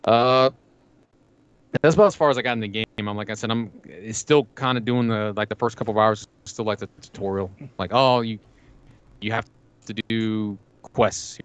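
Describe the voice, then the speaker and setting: A man's voice: lowish voice, fairly quick, smooth, dull audio. A man co-hosting a podcast, rambling casually about video games and acting out lines from them with plenty of swearing. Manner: rambling, retells game scenes with quoted lines and swearing. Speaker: podcast co-host. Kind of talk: casual gaming chat.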